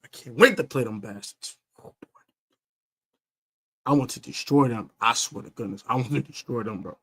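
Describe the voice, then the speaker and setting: A man's voice: medium pitch, normal speed, fairly bright tone, slightly rough. A man hosting a casual postgame fan livestream, rambling with lots of fillers and restarts, trash-talking rivals. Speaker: fan podcast host. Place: stadium area after a game.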